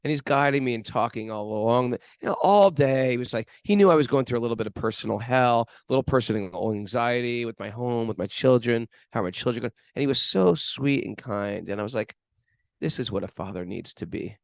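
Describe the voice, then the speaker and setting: A man's voice: mid-range voice, a little fast, vocal fry, few pauses, clean tone, dry recording. A man co-hosting a spiritual podcast, telling a self-mocking story in a rambling, chatty way. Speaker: podcast co-host. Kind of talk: casual spiritual chat.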